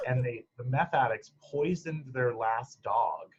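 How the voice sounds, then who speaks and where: In a casual interview, a podcast guest from Michigan's Upper Peninsula rambles about his clinical training, restarting frequently and laughing. He speaks unhurriedly at a medium pitch with few pauses. Muffled audio carries slight background noise.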